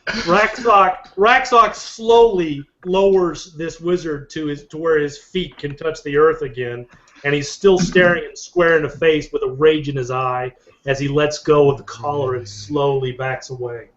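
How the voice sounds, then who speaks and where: A man playing a tabletop game, deliberately describing his character's actions, over a muffled voice chat. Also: fairly high pitch, steady tone, fairly bright tone. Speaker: player.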